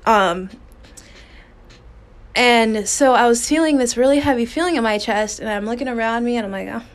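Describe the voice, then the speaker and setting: On her own podcast, a woman shares a personal story in a blunt, relaxed manner, cursing openly and stopping to start her sentences over. Her voice sits a little high.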